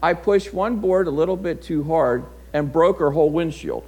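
Man, middle-aged pastor, voice sits a bit high; folksy, chatty sermon delivery. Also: animated, moderate pace, a crowd in the background. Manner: folksy storytelling, conversational. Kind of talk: sermon with personal story.

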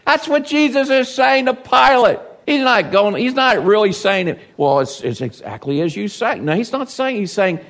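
A man preaching a sermon, addressing the congregation directly with questions and rising in pitch and volume for emphasis. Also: animated, moderate pace, few pauses, a bit bright. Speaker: pastor.

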